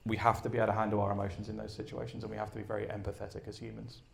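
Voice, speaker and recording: Man, gravelly voice, lively conference talk, audience questions. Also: fairly low pitch, very fast. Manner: energetic, storytelling, asks the audience questions. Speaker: conference speaker. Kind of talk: live talk and Q and A. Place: event room with an audience.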